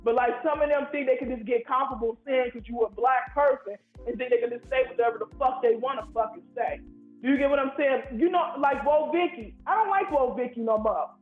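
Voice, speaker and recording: A man's voice: very high-pitched, fairly quick, faint music behind. A man from Ohio calling in to a live show, ranting in a heated, profane, rambling way. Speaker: caller. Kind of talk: angry call-in rant. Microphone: phone call. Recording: tinny echoey phone line.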